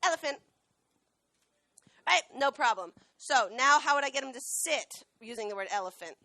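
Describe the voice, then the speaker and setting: A woman who trains dogs, giving a lively classroom talk and often asking the students questions. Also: a little high, a little fast, no echo. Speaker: dog trainer and veterinary technician. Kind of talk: classroom talk with a live dog demo. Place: school classroom.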